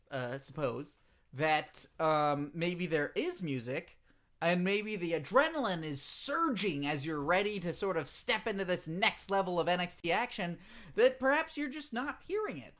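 A man's voice: high voice, fairly bright tone. A man with an English accent hosting a comedy podcast, rambling and hesitant with lots of fillers. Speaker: podcast host.

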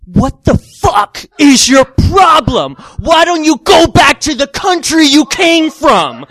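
A man voicing a hostile grown man in a grocery checkout line, loud and swearing. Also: extremely high pitch, very animated, takes it slowly, no room sound, clean studio sound, voice pushed up, heavily acted. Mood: aggressive.

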